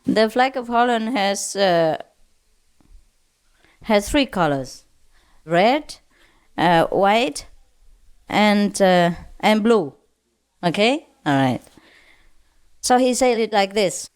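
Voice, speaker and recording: A woman spiritual teacher telling funny stories to a gathering, laughing often and pausing with "uh". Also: medium pitch, expressive, smooth. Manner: laughs often, with frequent "uh" pauses.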